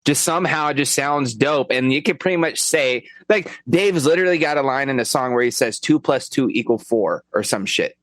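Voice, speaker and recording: A man's voice: medium pitch, moderate pace, hardly any pauses, a bit bright, no echo. A man co-hosting a podcast in casual chat, blunt and swearing freely as he jumps in to explain things. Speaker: podcast co-host.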